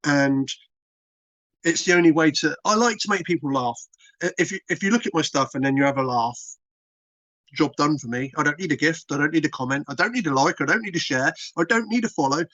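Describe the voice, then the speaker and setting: This British interviewee, a content creator, speaks in a plain, casual way that rambles and circles back on itself. His mid-range voice sits a little high, moves a little fast, and has a fairly bright tone. The audio is dull and dry.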